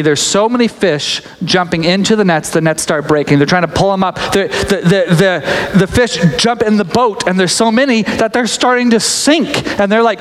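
A pastor with a high, clear, resonant voice gives a casual storytelling sermon, chatting, joking, laughing, and restarting sentences. Echoey hall reverb fills the recording.

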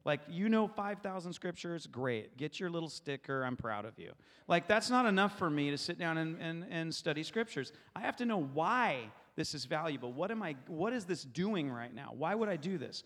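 A man preaching a sermon who leads a scripture meditation, speaking earnestly and emphatically and dropping to a slow, soft hush for the guided parts. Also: fairly high pitch, sing-song, big-room sound. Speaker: pastor.

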